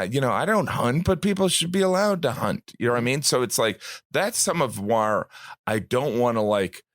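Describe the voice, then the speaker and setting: A man's voice: medium pitch, no room sound, studio quality. A man who is a guest comedian on a podcast, musing casually and often acting out quoted voices with a self-deprecating touch.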